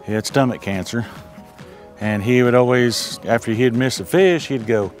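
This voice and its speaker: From a boat on a lake, an older man gives fishing tips in a folksy, easygoing way, explaining each step as casual outdoor instruction. His voice is medium-pitched at a moderate pace, with soft music in the background.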